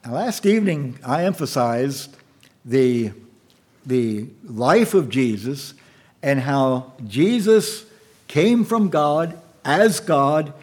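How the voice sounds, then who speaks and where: A man preaching an evening sermon and reading scripture aloud, in a halting way with fillers and repeated words. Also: on the high side, expressive, a little mellow.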